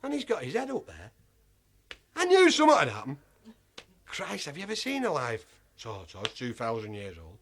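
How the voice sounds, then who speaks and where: A man's voice: fairly high pitch, huge pitch swings, normal speed, pauses often, breathy edge. Exasperated man spinning a tale. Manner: exasperated, rambling, swears freely, acts out the voices of others. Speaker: comic storyteller. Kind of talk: comic anecdote told to a live audience.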